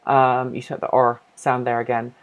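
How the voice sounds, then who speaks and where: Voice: medium pitch, monotone, normal speed, lo-fi sound. A host from Norfolk, England, with an accent that mixes British and American English, chatting casually on a livestream and answering viewer questions while thinking aloud and correcting themself. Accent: mixed British and American English.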